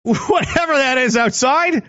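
A man's voice: extremely high pitch, measured pace, sharp tone, muffled recording. A man in his thirties in a rambling, sarcastic casual monologue, swearing and laughing often. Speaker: commentator.

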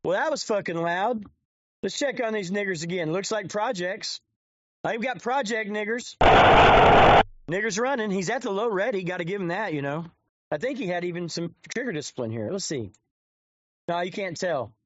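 A man's voice: high voice, lively intonation, moderate pace, dry recording. Crude, rambling streamer man, lo-fi sound. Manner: crude, rambling, swears constantly. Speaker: live streamer. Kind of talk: profane off-the-cuff stream commentary. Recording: dull lo-fi dry sound.

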